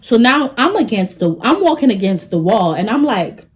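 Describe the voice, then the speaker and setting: Young woman, storytime vlogger, lively delivery, slightly high voice. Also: normal speed, a little hiss or hum, low-quality recording. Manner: animated, talks straight to the audience. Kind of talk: storytime vlog.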